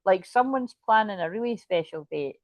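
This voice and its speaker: A woman's voice: mid-range voice, lively intonation, normal speed, no echo. A woman doing a casual, rambling tarot reading and swearing now and then. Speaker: tarot reader.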